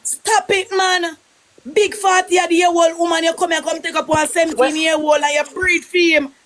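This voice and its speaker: A Jamaican woman with a high voice, ranting in patois and scolding someone over and over. Her delivery is repetitive and cutting. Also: flat delivery, normal speed, fairly bright tone, slight background noise. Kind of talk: heated gossip chat in patois.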